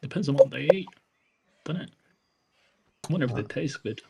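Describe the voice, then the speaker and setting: A man playing in a tabletop game, making crude, deadpan jokes at the table. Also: medium pitch, normal speed, vocal fry, husky. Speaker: player. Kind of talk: joking table talk.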